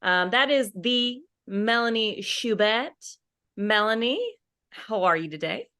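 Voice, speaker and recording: A woman's voice: fairly high pitch, lively intonation, slow pace. A woman hosting a podcast, chatting in a supportive way with lots of fillers like "you know" and "like". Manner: warm-hearted, filler-heavy, supportive. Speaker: podcast host. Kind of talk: casual chat.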